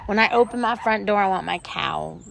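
A chatty woman co-hosts a relaxed podcast, spinning rambling stories and laughing often. Her voice carries a noticeable gravelly fry. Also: medium pitch, a little fast, a little hiss or hum. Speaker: podcast co-host. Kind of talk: casual chat.

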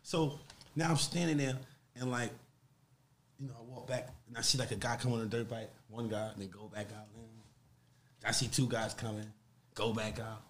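A man from Harlem with a New York accent, a podcast guest telling stories in an animated, profane way and acting out the people in them. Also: medium pitch, moderate pace, pauses often, a little hiss or hum. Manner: animated, profane, acts out voices in his stories. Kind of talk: casual storytelling.

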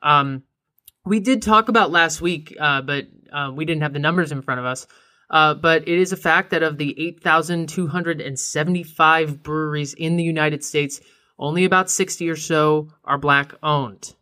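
A young man co-hosts a laid-back beer podcast, chatting casually and filling gaps with ums. His voice is bright and clear. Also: fairly high pitch, normal speed. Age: young adult. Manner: relaxed, frequent filler ums and uhs, laughs easily. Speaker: podcast co-host.

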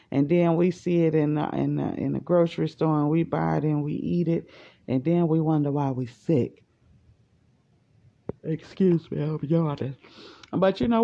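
Forties, slow rambling monologue, dull lo-fi voice message, gravelly tone. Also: mid-range voice, warm tone. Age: 40s. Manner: slow, unhurried, thinking aloud. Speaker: podcaster. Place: at work.

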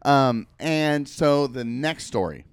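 A man's voice: mid-range voice, expressive, slow, smooth. A man in his thirties, a podcast co-host, telling stories in casual chat, profane and acting out quoted people.

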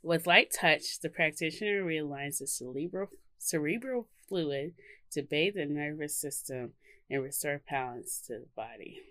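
Low bright-voiced chatty woman. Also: dry recording. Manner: chatty, laughs often, many fillers. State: hiccups. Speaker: podcast co-host. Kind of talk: casual podcast chat.

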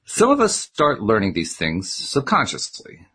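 Low, husky man reading a book aloud. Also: huge pitch swings, a little slow, pushed and bright. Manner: chatty, joking asides between narration. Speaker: audiobook reader. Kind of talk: casual audiobook reading with spoken asides.

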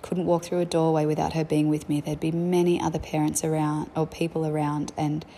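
A woman's voice: low voice, flat delivery, fairly quick, warm tone, a little hiss or hum. A young woman, a mother, telling candid, reflective stories about family life in a chatty way. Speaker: parent sharing family life. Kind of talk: casual storytelling.

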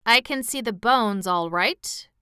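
A woman's voice: fairly high pitch, measured pace, sharp tone, smooth, no echo, studio quality, pitched above the performer's own voice. A woman voicing an earnest, mildly proud male sawhorse made of wood.

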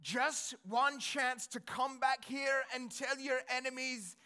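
A man putting on a Scottish accent to play a male warrior leader rallying his troops, with a loud, drawn-out battle-cry delivery. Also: very high voice, fairly even intonation, clean tone, pitched above the performer's own voice, exaggerated voice. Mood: rousing. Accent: put-on Scottish. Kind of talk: sermon anecdote impression.

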